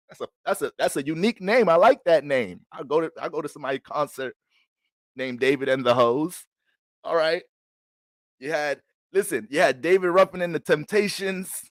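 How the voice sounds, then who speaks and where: New guy doing a casual astrology livestream, slangy and animated, dry close sound. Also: fairly high pitch, normal speed, no echo. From Bronx, New York. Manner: loose, slangy, animated storytelling.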